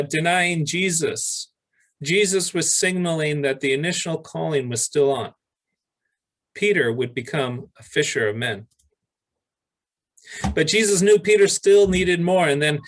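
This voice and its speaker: A male pastor preaching a sermon, reading scripture aloud with pauses and restarts. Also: a little high, fairly bright tone, rough recording.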